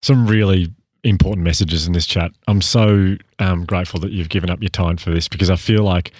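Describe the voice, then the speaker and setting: A man's voice: low voice, fairly even intonation, a little fast, a little mellow, no echo, studio quality. A man co-hosting an interview, wrapping up the chat with gratitude. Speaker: podcast co-host. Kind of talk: interview wrap-up.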